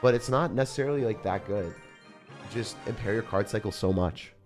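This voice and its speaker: A man streaming a mobile strategy game live, commentating his matches in an excitable, chatty way and talking to his viewers. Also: lowish voice, moderate pace. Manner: animated, excitable, talks to chat. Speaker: gaming streamer. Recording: faint music behind.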